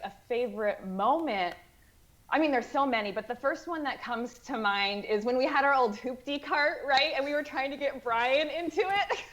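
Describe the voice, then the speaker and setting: A woman in the cast of a tabletop game stream, talking in a bubbly, effusive way. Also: high voice. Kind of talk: casual chat on a livestream.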